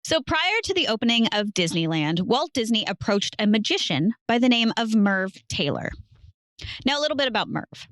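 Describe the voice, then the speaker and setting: Lively woman hosting a podcast. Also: a little high, normal speed, no echo, studio quality. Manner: playful, lively, laughs easily. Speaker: podcast host presenting a history segment. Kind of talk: casual podcast chat with scripted storytelling.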